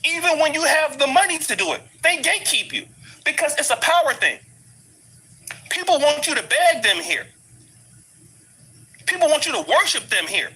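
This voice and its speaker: A middle-aged American man from the United States with an African American English accent, living abroad, rants in blunt, emphatic commentary that keeps hammering the same points. As a commentary vlogger, he speaks in a very high, sing-song, pushed and bright voice at a moderate pace with long pauses, on a low-quality recording.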